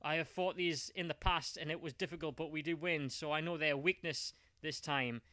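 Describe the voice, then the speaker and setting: A man's voice: fairly high pitch, fairly even intonation, normal speed, pushed and bright, dry recording. A man voicing a brash male superhero who speaks dramatically. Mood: dramatic.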